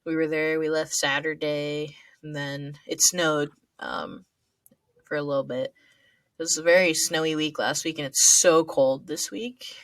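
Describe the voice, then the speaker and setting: Young philly-woman cohosting, chatty n laughy, lowish voice, dry close mic. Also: fairly even intonation, unhurried, a bit bright, dry recording. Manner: laughs often, chatty and playful. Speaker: podcast co-host. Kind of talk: casual chat.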